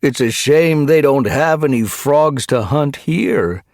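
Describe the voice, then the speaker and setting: A man voicing a mocking tomcat guard who taunts in a high, loud voice. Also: lively intonation, takes it slowly, dry recording, clean studio sound. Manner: taunting, sneering. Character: jeering, mocking tom guard cat.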